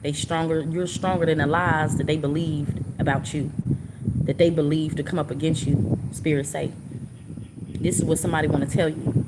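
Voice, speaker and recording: Low-voiced woman giving a spiritual reading. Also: little pitch movement, normal speed, very noisy. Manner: earnest, repetitive, emotional, informal speech. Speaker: tarot reader channeling messages.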